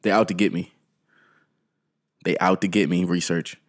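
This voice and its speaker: A man with a somewhat low voice hosts a casual podcast. He rambles from one thought to the next, jokes constantly and breaks into laughter. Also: flat delivery, normal speed. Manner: joking, laughing often, rambling. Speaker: podcast host.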